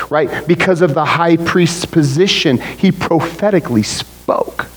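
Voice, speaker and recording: A middle-aged man delivers a conversational sermon with a slightly higher-than-usual voice. He talks to the congregation in an animated, casual way, often checking in with "right?". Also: poor audio. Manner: animated, frequent "right?" asides. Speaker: preacher.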